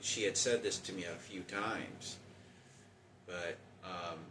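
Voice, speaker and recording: A man in his forties talking in a halting, rambling personal monologue with many restarts. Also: sits low, steady tone, roomy sound, distant mic, noisy background. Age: 40s.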